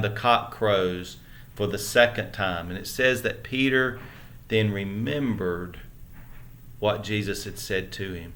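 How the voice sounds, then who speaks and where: A man's voice: fairly low pitch, a bit bright. Earnest Southern man teaching Bible. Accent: Southern American. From American South. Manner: earnest, conversational, with many restarts; asks listeners rhetorical questions. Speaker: church teacher. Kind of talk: Bible lesson.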